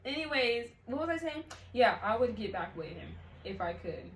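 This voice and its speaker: A woman's voice: fairly high pitch, sing-song, normal speed, fairly bright tone. A young woman telling a rambling, giggly story to the camera in casual chat. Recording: echoey room, faint noise.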